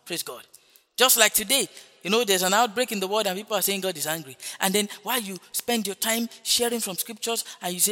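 A man preaches with a high, bright voice that rings out through a large, echoing hall. He presses his points with repeated rhetorical questions and keeps punctuating them with interjections of praise. The delivery is emphatic and exhorting. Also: lively intonation, fairly quick. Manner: emphatic, repeating refrains like "Praise God" and "Hallelujah". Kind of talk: sermon.

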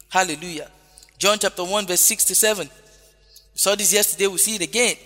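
Emphatic high-voiced preacher in a reverberant hall. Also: male voice, a little fast, pushed and bright. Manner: emphatic, repeats key phrases, frequent hallelujahs. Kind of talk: sermon. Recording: long hall reverb with faint music.

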